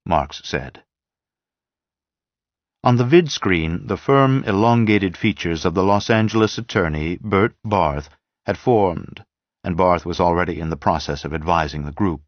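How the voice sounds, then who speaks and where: A man narrating an audiobook in a measured, even storytelling manner. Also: low voice, dry recording. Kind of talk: audiobook reading. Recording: dull dry lo-fi sound.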